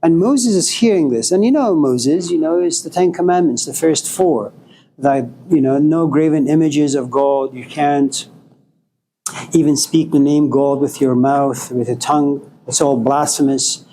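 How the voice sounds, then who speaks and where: A man's voice: on the high side, unhurried, mellow, a little hiss or hum. A man giving an informal spiritual lecture to a live audience, joking and telling stories in a loose, conversational way.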